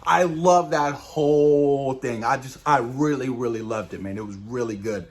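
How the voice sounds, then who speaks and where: A man giving a casual spoiler review of a TV episode, enthusiastic and swearing now and then, dropping low at the ends of his phrases. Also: normal speed. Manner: enthusiastic, keeps saying "you guys", swears casually. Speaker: show reviewer.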